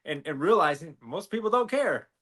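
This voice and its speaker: A man's voice: on the high side, animated, moderate pace, a bit bright. Rambling, easygoing male podcast co-host. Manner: rambling, many fillers and restarts. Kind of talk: casual chat.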